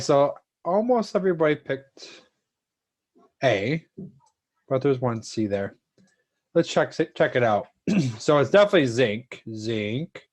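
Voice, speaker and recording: A man teaching a chemistry lesson to an online class, talking casually and thanking students by name. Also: mid-range voice.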